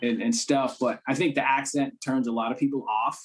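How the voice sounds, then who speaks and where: A man's voice: mid-range voice, steady tone, brisk. A man from the Cambridge area, a guest actor in a casual conversation, talking loosely with many "you know what I'm saying" fillers. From Cambridge, Massachusetts.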